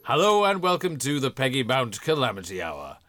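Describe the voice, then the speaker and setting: A man's voice: medium pitch, huge pitch swings, normal speed, a bit bright, no echo. A man co-hosting a podcast with chatty, giggly, tipsy banter. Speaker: podcast co-host. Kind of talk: casual chat.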